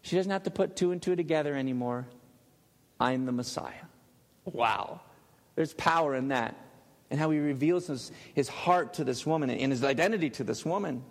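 A male pastor preaching a sermon in a church, emphatic and dropping to a hush on key words. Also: on the high side, moderate pace. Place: church sanctuary. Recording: long hall reverb.

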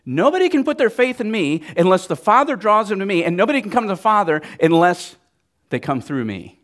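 A man's voice: high voice, brisk. A man preaching a sermon in a casual, conversational way, often checking in with the listeners by asking "right?". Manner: lively, animated delivery. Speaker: pastor.

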